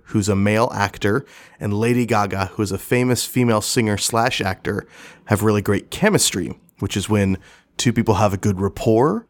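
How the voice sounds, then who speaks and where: A man's voice: lowish voice, dry recording, studio quality. A man co-hosting a podcast, telling a story in a rambling way and laughing easily. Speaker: podcast co-host. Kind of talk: casual chat.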